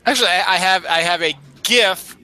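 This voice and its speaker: A man's voice: high-pitched, moderate pace, bright, forceful tone, poor audio. A man co-hosting a casual chat, explaining how words are said, chuckling and tripping over his own words. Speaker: co-host.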